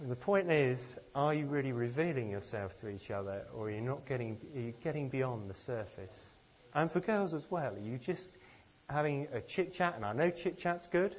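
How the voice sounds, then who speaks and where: A man's voice: medium pitch, animated, normal speed, hardly any pauses. A man from England giving a sermon, earnest and self-deprecating, with plenty of rhetorical questions. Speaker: preacher.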